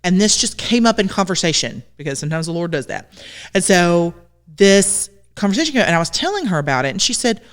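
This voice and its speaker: A woman co-hosting a casual podcast chat, telling animated stories and acting out what people said. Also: lowish voice, quick pace, in a large hall. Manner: lively, animated storytelling with acted-out quotes. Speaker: podcast co-host.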